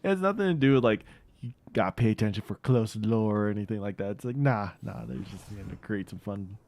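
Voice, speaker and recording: A gaming streamer talks casually and thinks out loud while playing a video game. His voice is fairly low, gravelly and a little mellow, moving at a slightly quick pace.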